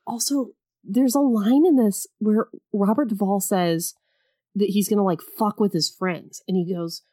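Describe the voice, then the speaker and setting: Chatty, laughing woman podcast co-host. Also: mid-range voice. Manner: animated, joking, quick laughs. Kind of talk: casual chat about a film.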